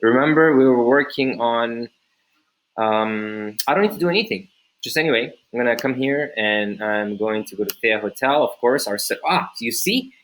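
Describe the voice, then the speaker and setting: A man's voice: medium pitch, moderate pace, fairly bright tone, low-quality recording. A man hosting a screen-recorded coding tutorial, talking casually to viewers, thinking aloud with many fillers and restarts and asking rhetorical questions. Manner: talks straight to viewers, asks rhetorical questions.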